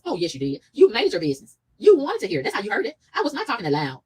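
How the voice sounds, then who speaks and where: A woman vlogger telling a story in a casual rant, animated, profane and indignant, with a husky voice. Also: mid-range voice, racing, rough recording.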